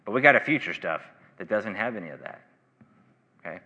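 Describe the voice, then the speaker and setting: A low-voiced male pastor delivering a sermon with a very bright, forceful edge to his tone. He presses hard on key phrases, then sinks into hushed, low stretches. The sound carries a long reverb from the hall around him. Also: expressive, brisk, muffled recording. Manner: earnest, rising to emphatic bursts then dropping low.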